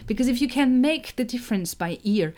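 A young woman from France with a French accent, a native French speaker, giving an emphatic, animated online lesson on pronunciation. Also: on the high side, fairly quick. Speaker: French teacher.

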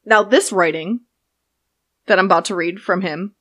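A woman's voice: on the low side, moderate pace, fairly bright tone. Joking, profane young woman. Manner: profane, joking, reads excerpts aloud. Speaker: podcast co-host. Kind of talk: casual chat.

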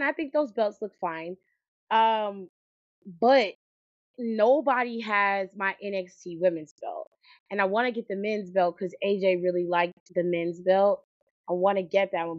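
A woman co-host chatting casually in an enthusiastic, rambling way at a middle pitch. Her recording sounds dull and dry, with no room echo. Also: unhurried. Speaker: podcast co-host. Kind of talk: casual chat.

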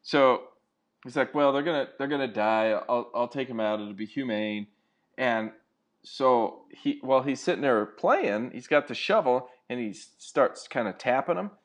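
A man's voice: mid-range voice, normal speed. A man chatting casually, laid-back and agreeable, telling a story. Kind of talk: casual chat.

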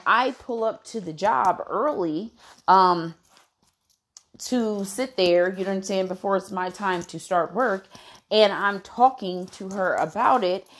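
A woman vlogger telling a story to her viewers in a casual, animated way, blunt and full of swearing, with lots of "you know". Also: fairly low pitch.

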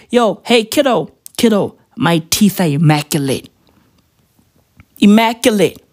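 Woman for a comedy rant: crude, repetitive bro-slang patter, slow and unhurried. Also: deep voice, darkish tone.

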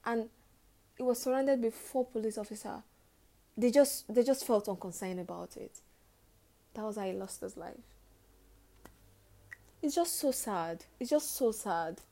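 A young woman hosts her own podcast in a personal monologue, speaking earnestly and with real emotion. Her voice is fairly high and warm, her pace slightly slow with long pauses, and she often repeats phrases to drive a point home.

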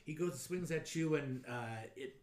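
A man running a tabletop game as game master, narrating lively and acting out sound effects. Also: on the high side, normal speed. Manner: animated, acts out sound effects and blurts out enemy lines. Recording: roomy echo, faint noise.

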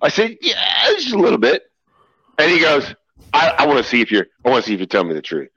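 An excitable male podcast co-host telling a story in casual chat. His voice is bright and husky, with lively pitch, and the recording sounds dull and lo-fi. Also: fast, no room sound.

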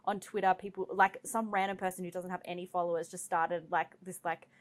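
A woman's voice: on the low side, a little fast. A woman co-hosting a podcast, telling stories in casual chat with lots of fillers. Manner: animated storytelling, many fillers. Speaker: podcast co-host.

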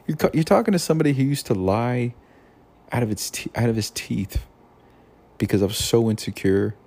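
A man hosting his own podcast, telling a personal story in an animated way and acting out the people in it with a raised voice. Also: mid-range voice, fairly quick, vocal fry. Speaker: podcast host. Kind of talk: personal monologue addressed to someone.

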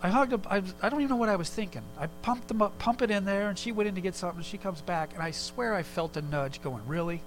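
A man preaching a sermon in a relaxed, conversational way, telling a personal story with quick asides. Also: high-pitched, a little hiss or hum, poor audio. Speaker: pastor.

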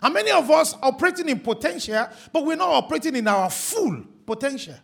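Pastor, male, high animated voice, emphatic sermon delivery. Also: brisk, vocal fry. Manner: emphatic preaching, stretching and shouting key words.

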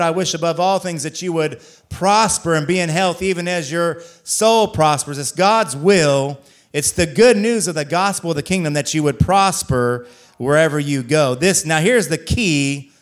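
A male pastor delivers a sermon, reading scripture in a measured cadence and pressing his points with repeated rhetorical questions. His voice sits on the high side.

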